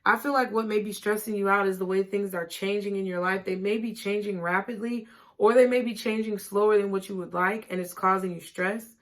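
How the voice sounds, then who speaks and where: A woman giving a tarot reading, talking gently and reassuringly and often checking in with "okay?". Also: mid-range voice, fairly even intonation, brisk. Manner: casual, laughing and swearing at times. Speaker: tarot reader.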